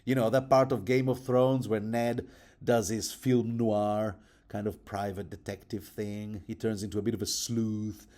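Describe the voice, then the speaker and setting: A man's voice: lowish voice, flat delivery, unhurried, mellow. A man giving a rambling, casual commentary on a book, chatty and digressive and often mocking himself.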